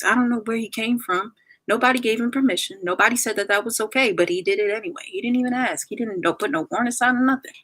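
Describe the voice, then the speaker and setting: Young woman livestreamer, chatty and bright-toned, reading comments to viewers. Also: on the high side, husky. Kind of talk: casual livestream chat.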